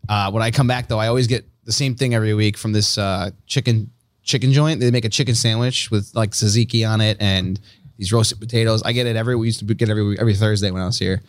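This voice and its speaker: A man's voice: lowish voice, fairly even intonation, fast, no echo, studio quality. A man telling rambling, laughing stories in a casual podcast chat. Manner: rambling storyteller, swearing, laughing.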